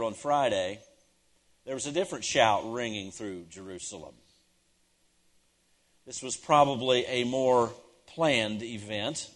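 A man preaches in a mid-range voice, neither high nor low. He drives his points home by repeating phrases and swings from ringing, emphatic declarations down to hushed, near-whispered lines. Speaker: pastor. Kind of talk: sermon.

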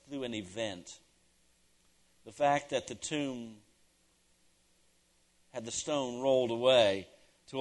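A man preaching a sermon, swinging from loud, emphatic declarations down to hushed, near-whispered lines and repeating key phrases for effect. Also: medium pitch. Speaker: pastor.

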